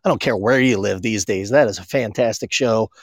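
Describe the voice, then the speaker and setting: A man's voice: fairly low pitch, brisk, no room sound, studio quality. A man from Maine co-hosting a casual podcast, telling rambling stories and acting out quotes. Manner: rambling storyteller, acts out quotes. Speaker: podcast co-host. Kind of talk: casual chat.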